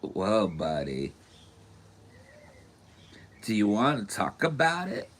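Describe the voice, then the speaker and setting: A man doing an impression of a laid-back male comedian, drawling slowly and calling everyone buddy. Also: fairly low pitch, wildly swooping pitch, voice pushed up, exaggerated voice. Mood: mellow. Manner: slow drawling surfer-like talk, says buddy a lot.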